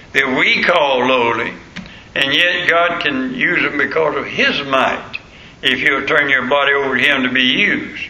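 An older man with a drawl delivers a homespun sermon, rambling through personal stories with plenty of "uh"s. His voice is gravelly yet bright and cutting. It rings out through an echoey church sanctuary. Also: fairly high pitch. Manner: plain-spoken, storytelling, frequent "uh" fillers. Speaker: pastor. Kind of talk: folksy sermon.

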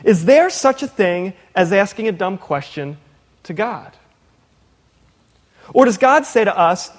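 A man's voice: high-pitched, animated, measured pace, long pauses, long reverb tail. A man in his thirties preaching a sermon in a conversational, playful way, sometimes mimicking others. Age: 30s. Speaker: preacher and teacher.

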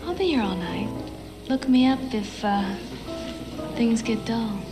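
A woman's voice: a little high, animated, a little slow. An actress playing a forward, pushy woman who flirts at a bar, in a played TV clip. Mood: flirty. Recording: echoey TV clip with music. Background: music.

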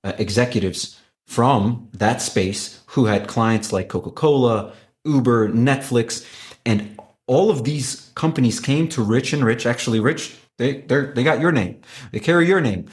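A man who is a company executive, pitching his product in an animated, emphatic way with frequent restarts. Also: measured pace. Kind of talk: conversational business pitch.

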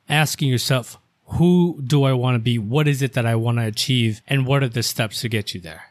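A man's voice: mid-range voice, brisk, dry recording. A man co-hosting a podcast who asks long scenario questions and keeps checking with "right?". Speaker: podcast co-host. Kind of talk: podcast interviewing.

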